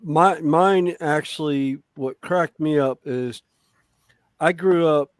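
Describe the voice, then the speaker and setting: A man with a light Southern US accent talks slowly and easily in casual chat. His voice sits a bit high. The sound is close and dry. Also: no echo. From born near Chicago, raised in the US South. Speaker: participant in a group chat.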